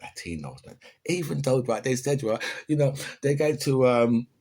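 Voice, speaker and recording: A man's voice: mid-range voice, animated, normal speed, darkish tone. A man from the UK with a British accent, delivering an impassioned opinion monologue and often asking "right?" to his listeners. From United Kingdom.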